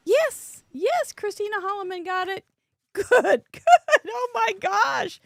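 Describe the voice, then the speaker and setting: A woman's voice: extremely high pitch, slow, creaky. A woman hosting a live crafting show, chatting in a bubbly way and laughing often while she works. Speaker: host. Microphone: headset earbud.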